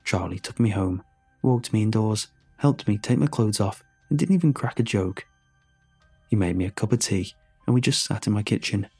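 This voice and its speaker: Guy, husky kinda low voice, reading a creepy story slow and hushed, soft music behind. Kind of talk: first-person horror story narration.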